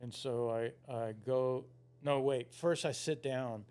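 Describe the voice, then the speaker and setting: A man in his sixties tells a long, loose story as a podcast guest. He curses freely and slips into the voices of his younger self. His pitch sits in a middling range for a man. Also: fairly even intonation, slow, a little mellow, clean tone. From Florida, United States. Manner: rambling, heavy swearing, acts out his own past lines. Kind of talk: casual storytelling.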